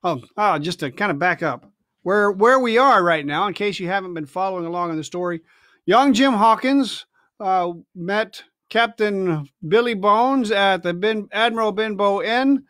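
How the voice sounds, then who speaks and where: A man reading a novel aloud at home on a livestream, expressive, with chatty asides. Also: high-pitched, moderate pace, no room sound, clean studio sound. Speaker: reader. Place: family home, indoors.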